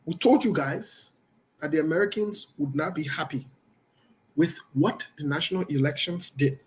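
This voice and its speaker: A man's voice: fairly high pitch, normal speed. A man, hosting live online political commentary in a combative, scolding and emphatic way, speaking straight to his viewers.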